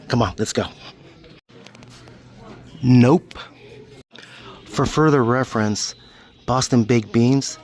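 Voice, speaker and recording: Man, middle-aged, playful, casual vlog chatter, third-person self-talk. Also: mid-range voice. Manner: playful, talks about himself in third person. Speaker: vlogger. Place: video rental store.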